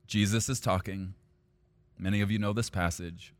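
A male pastor preaching a sermon, at times rising to loud, high-pitched intensity. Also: steady tone, moderate pace.

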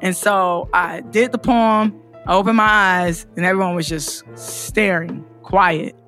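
A woman's voice: lowish voice, a little slow, soft background music. A woman who is a poet, telling her personal story in an interview and acting out other people's lines. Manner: emotional, acts out other people's lines in lively voices.

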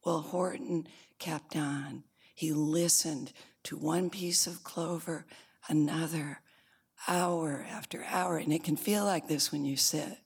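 A woman meditation teacher giving a dharma talk, telling a story in a soft, unhurried way. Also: sits low, steady tone, creaky, breathy edge.

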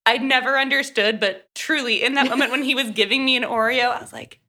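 A woman's voice: high voice, steady tone, fast talker, sharp tone. A woman co-hosting a podcast in casual chat, tossing in wry jokes and easy swearing. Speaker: podcast co-host. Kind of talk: casual book-review chat.

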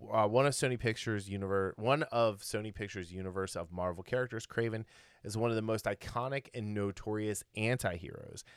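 A man's voice: deep voice, dry recording, studio quality. A man co-hosting a podcast in casual chat, rambling and opinionated, with many fillers and restarts. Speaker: podcast co-host.

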